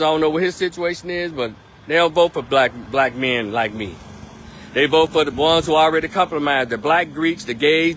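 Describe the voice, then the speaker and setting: A man's voice: fairly high pitch, a bit bright, slight background noise. A man giving a blunt, emphatic political monologue on a live stream, repeating his points.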